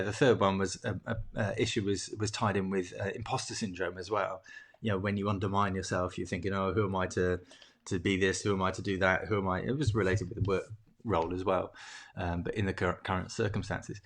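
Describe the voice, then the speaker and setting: A man with a fairly low voice and a husky, breathy edge speaks as a mindset coach. He talks reflectively, pausing and restarting often with plenty of fillers. His tone stays earnest throughout. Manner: halting, many restarts and fillers, warm earnest tone. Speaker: coach hosting a mindset program. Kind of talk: reflective solo talk.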